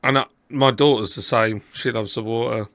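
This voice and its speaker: A southern English man chatting loosely on a podcast, rambling and poking fun at himself. His voice is gravelly with a mid pitch, and it sounds dry and close to the mic. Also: fairly even intonation, normal speed, a bit bright, no room sound. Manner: chatty, rambling, self-deprecating. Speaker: podcast host. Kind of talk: casual chat.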